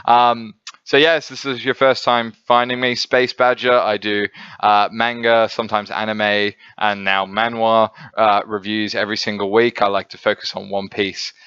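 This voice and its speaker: Bright-voiced man rambling through a review. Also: fairly low pitch, little pitch movement, normal speed, smooth, dry recording. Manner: rambling, enthusiastic, with many fillers. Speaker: manga and anime reviewer. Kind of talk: casual review monologue. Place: home setup, filmed at night. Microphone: camera setup. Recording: dull lo-fi sound.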